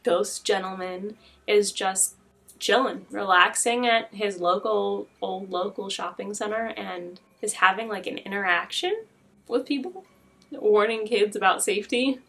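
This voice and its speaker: A woman's voice: medium pitch, measured pace, a bit bright. A young woman hosting, giving chatty, playful commentary on scary clips. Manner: chatty, playful, many fillers. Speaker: host reacting to viral videos. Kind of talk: casual commentary.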